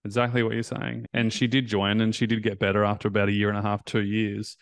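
A man's voice: lowish voice, monotone, quick pace, smooth, no room sound. A man hosting a casual interview as a recovery coach, affirming and encouraging his guest.

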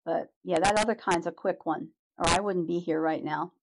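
A woman's voice: fairly low pitch, fairly even intonation, normal speed, noisy background. A middle-aged woman, a podcast guest, telling her personal story in a candid, earnest way and restarting her sentences often.

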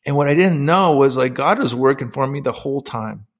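A man's voice: mid-range voice, expressive, fairly quick. A middle-aged man, a former pro athlete and podcast guest, telling his personal story candidly and emotionally, with many fillers and restarts.

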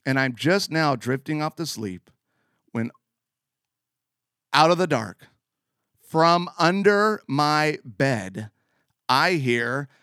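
A man hosting a show, telling a funny personal story in an animated way, often laughing as he talks. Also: a little high, slow pace, pauses often, clear, resonant tone, no echo, clean studio sound. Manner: animated, laughs mid-sentence. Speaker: show host. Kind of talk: comic storytelling monologue.

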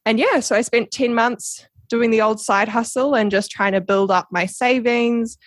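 A young woman with a New Zealand accent, a podcast guest telling her story in a casual, animated way with frequent laughs. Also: a little high, normal speed, no room sound. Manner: animated, laughs often, acts out quoted voices.

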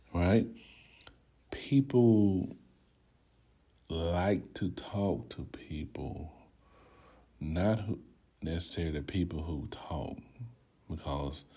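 A man's voice: extremely low pitch, a little mellow, breathy edge. A middle-aged man hosting a sermon-style podcast, emphatic, who often asks "right?" and leads his listeners in repeated affirmations. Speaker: podcast host and preacher.

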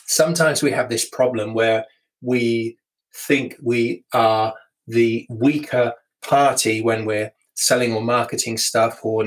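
A man's voice: mid-range voice, rough recording. Chatty man hosting a podcast. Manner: chatty, relaxed, with frequent fillers and restarts. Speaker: podcast host. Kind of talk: casual solo podcast talk.

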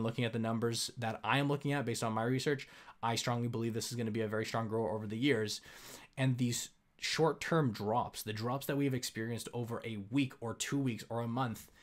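A young man from Canada hosting an investing channel, talking in a chatty, emphatic way with lots of fillers. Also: mid-range voice. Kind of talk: casual explainer talk.

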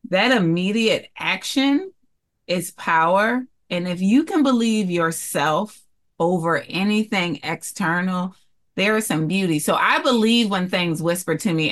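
Earnest storytelling woman. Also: fairly low pitch. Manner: earnest and expressive, acting out quoted voices. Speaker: podcast guest, jewelry entrepreneur. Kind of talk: candid interview storytelling.

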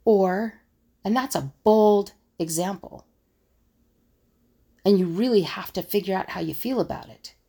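A woman's voice: mid-range voice, unhurried, long pauses, warm tone. A woman who works as a conflict resolution coach, thinking aloud in a solo monologue and acting out the scoffing remarks people make. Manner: musing, acts out others' scoffing remarks.

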